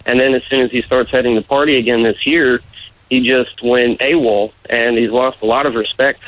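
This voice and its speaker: A man speaking in a measured way as a guest on a casual radio interview, laughing often. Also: mid-range voice, steady tone, a bit bright, low-quality recording. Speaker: political candidate guest.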